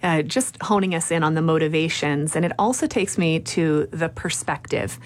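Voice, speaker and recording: Woman host, slightly low voice, thinking out loud and affirming. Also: moderate pace, a little hiss or hum. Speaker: interviewer. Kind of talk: conversational interview about faith.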